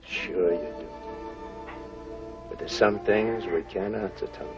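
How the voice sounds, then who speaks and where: An older actor playing a weathered, tender-hearted prospector in an old western, with folksy frontier talk. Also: male voice, on the low side, a little slow, natural voice. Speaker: gold prospector. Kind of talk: 1950s film acting. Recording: dull old film soundtrack with music.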